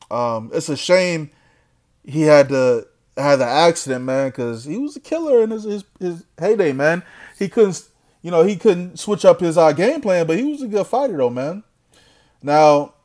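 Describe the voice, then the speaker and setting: A man ranting casually to the camera as a boxing commentator. He is blunt and trash-talking and laughs often. His voice sits a bit high for a man. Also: a little mellow.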